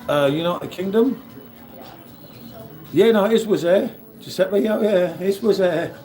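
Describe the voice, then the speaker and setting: A man's voice: high voice, measured pace, soft background music. A British man live-streaming from an airport café, chatting casually and joking as he reads out viewer comments into his phone. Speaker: beer vlogger on a live stream. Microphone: phone held by the speaker. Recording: loud crowd noise around.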